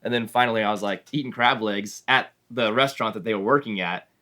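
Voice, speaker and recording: A man's voice: lowish voice, fast talker, pushed and bright. A man, a drummer guest on a podcast, telling rambling anecdotes with frequent laughs and acted-out quotes. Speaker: drummer, band member guest. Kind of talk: casual storytelling interview.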